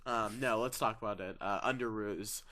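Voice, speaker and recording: A young man co-hosting a podcast, chatting casually and excitably, often laughing and acting out quotes. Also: on the low side, normal speed, a crowd in the background. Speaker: podcast co-host. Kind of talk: casual chat.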